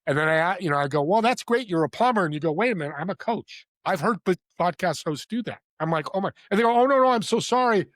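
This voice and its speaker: A man's voice: on the high side, lively intonation, fast, few pauses, fairly bright tone, dry recording. Eager storytelling man, dry close sound. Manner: enthusiastic, storytelling, emphatic. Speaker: podcast host and guest. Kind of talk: casual interview chat.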